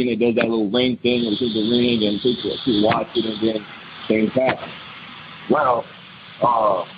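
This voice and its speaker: A man calling in to tell a true ghost story in casual, rambling speech, full of restarts and repeats, getting animated when he quotes others. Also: medium pitch, lo-fi sound, background noise. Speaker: caller. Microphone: phone call.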